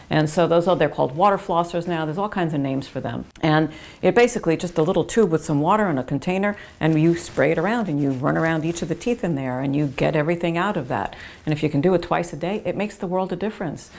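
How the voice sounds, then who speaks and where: Lady dentist explaining gum care, kinda low voice, earnest and emphatic. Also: a little mellow. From United States. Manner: earnest, emphatic, repeats points with homely images. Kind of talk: explaining to patients on camera.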